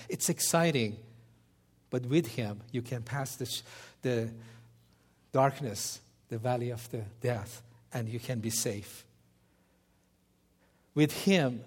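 A man preaching a sermon, telling stories and acting out the voices of the people in them, with some halting restarts. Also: medium pitch. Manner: animated, acts out quoted voices. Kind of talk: sermon with storytelling.

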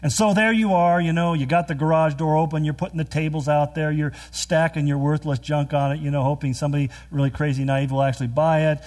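A man preaching a sermon, earnest and emphatic, with quick storytelling asides. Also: a little high, fairly even intonation, darkish tone. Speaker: pastor.

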